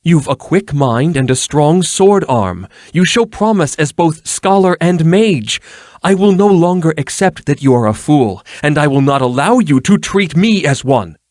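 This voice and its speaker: A man's voice: mid-range voice, animated, measured pace, dry recording, clean studio sound, pitched above the performer's own voice, close to an everyday voice. A man reading an audiobook, voicing a proud, fiery half-elf woman with a raised voice. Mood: demanding. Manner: sharp and demanding.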